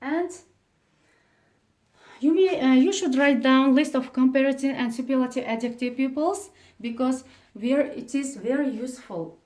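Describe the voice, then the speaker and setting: A woman who speaks Uzbek natively teaches an English grammar lesson in a classroom with an Uzbek accent. She talks haltingly with many fillers and stresses each example word. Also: high-pitched, darkish tone. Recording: echoey room, voice from a distance.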